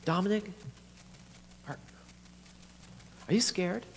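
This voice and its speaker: A man voicing a gentle, worried younger sister who speaks softly and hesitantly with stammers, in an echoey hall with a faint hum. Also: high-pitched, slow, vocal fry, pitched above the performer's own voice, exaggerated voice.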